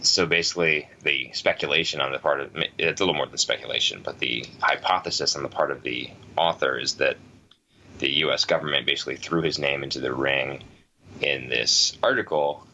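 A man's voice: rumbling low, fairly even intonation, brisk, creaky, bright, forceful tone, dull audio, a little hiss or hum. A man co-hosting a podcast, talking in a rambling, thoughtful way with many fillers and restarts. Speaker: podcast co-host. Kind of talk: casual chat.

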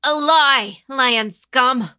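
A woman voicing an angry, defiant young nobleman who hisses and shouts his threats. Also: high voice, very slow, smooth, pitched above the performer's own voice, heavily acted. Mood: furious. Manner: hissing, shouting, furious.

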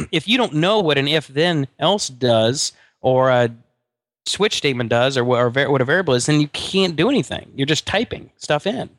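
A man's voice: fairly high pitch, expressive, normal speed, a bit bright, no echo, studio quality. A middle-aged man co-hosting a podcast in casual chat, rambling with many restarts and fillers. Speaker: podcast co-host.

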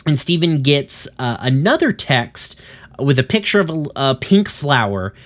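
A man's voice: mid-range voice, big pitch swings, measured pace, fairly bright tone. A man casually retelling a cartoon episode in a rambling way, with lots of fillers and the odd swear word.

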